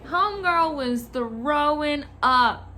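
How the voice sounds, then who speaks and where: A young woman vlogger telling a work story in a casual, animated rant, swearing and acting out what callers said. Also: high-pitched, slow pace, a little hiss or hum.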